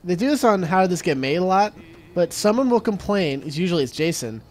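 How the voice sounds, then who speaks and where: A man's voice: sits high, animated, fast. A man co-hosting a let's play, chatting casually and riffing jokily on trivia tangents. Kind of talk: casual gameplay commentary.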